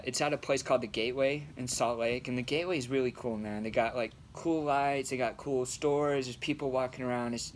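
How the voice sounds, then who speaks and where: Chill young dude rambling through a story, lots of slang and cussing, mid-pitched voice, faint hum behind. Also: male voice. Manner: laid-back, slangy, swears freely. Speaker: amateur stand-up comic. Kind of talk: casual storytelling.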